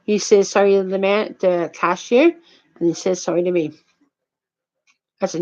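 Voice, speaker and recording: Woman, mid pitch, rambling heated storyteller, dull lo-fi recording. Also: fairly even intonation, normal speed, long pauses, a little mellow. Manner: rambling, repetitive, heated retelling. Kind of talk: casual personal anecdote.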